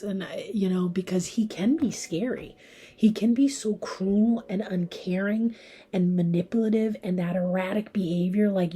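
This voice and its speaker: Mellow-voiced woman reading tarot cards. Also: medium pitch, breathy edge. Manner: chatty, thinks aloud while drawing cards. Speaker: tarot reader. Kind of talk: pick-a-card tarot reading.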